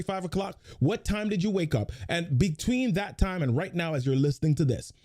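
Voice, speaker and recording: A man's voice: a little high, a little mellow. A man hosting a morning motivational live stream, greeting viewers by name and leading them through repeated affirmations with energy. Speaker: host of a motivational live show.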